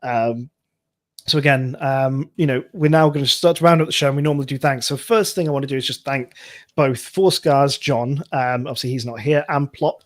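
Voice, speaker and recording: A man's voice: mid-range voice, a little fast. A man co-hosting a casual gaming show, talking in a hesitant way with repeated words and frequent laughter. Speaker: co-host.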